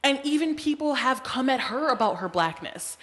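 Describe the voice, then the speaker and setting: A woman co-hosting a casual podcast chat, animated and laughing often, cursing freely. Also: high voice, normal speed. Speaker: podcast co-host. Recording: long hall reverb.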